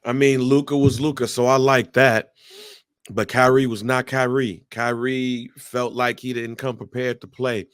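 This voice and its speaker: A man's voice: medium pitch, level tone, measured pace, clear, resonant tone, dry recording, studio quality. A man co-hosting a casual sports podcast, giving blunt, emphatic opinions. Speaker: podcast co-host.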